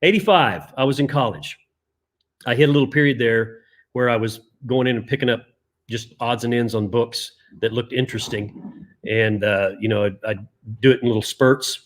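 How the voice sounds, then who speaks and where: A man's voice: medium pitch, moderate pace. Rambling, chuckling man co-hosting a chat. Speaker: co-host. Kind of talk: casual chat about comic collecting.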